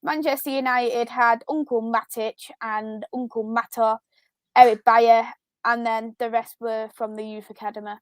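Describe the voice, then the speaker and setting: A woman's voice: fairly high pitch, little pitch movement, normal speed, no room sound. A woman co-hosting a casual football chat show, running through match results and laughing often. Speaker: football podcast co-host.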